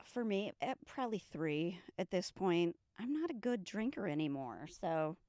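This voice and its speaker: Woman, podcast guest, lowish voice, chatty, dry close mic. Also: very animated, moderate pace, a little mellow, no room sound. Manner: chatty, laughing, self-deprecating. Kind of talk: casual comedy podcast chat.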